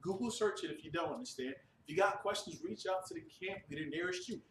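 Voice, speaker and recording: A man's voice: on the high side, fast talker, a bit bright, a little hiss or hum. A man preaching and giving announcements to a religious class, emphatic and often checking that listeners understand. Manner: emphatic, repeats "you understand". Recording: echoey room from a distant mic.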